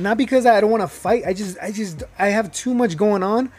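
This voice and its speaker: High-voiced man telling a rough story. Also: lively intonation, fairly quick, a little mellow. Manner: rambling, many fillers and restarts, grows heated. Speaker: guest telling his life story. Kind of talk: casual storytelling.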